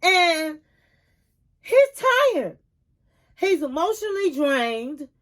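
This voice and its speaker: Woman host, sassy recap commentator, high-pitched and chatty. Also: expressive, very slow. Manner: sassy and chatty, calls listeners honey and kings and queens. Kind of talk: casual reality-show recap.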